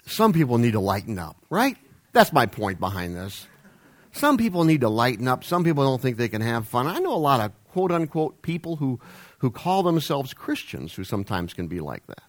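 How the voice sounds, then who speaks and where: Lively, joking man preaching. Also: mid-range voice. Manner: lively, jokey and rambling, with self-deprecating asides. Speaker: pastor. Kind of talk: humorous sermon. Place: church sanctuary.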